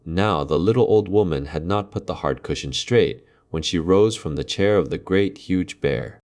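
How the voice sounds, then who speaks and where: A man reading a classic fairy tale aloud in a slow, measured way. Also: low voice, expressive, darkish tone. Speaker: storyteller.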